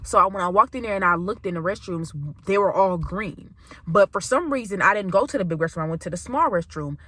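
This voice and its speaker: Young female vlogger, crisp bright tone, dry close sound, lively storytime delivery with emphatic repeats. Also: medium pitch, brisk, no room sound. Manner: animated, exclamatory, speaks straight to viewers as "y'all". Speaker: vlogger telling a college story. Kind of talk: storytime vlog.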